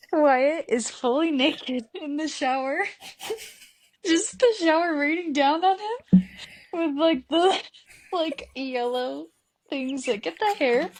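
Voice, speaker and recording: A young woman co-hosting a casual podcast, telling stories in quick, dramatic bursts over a remote recording. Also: high voice. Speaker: podcast co-host. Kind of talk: casual chat.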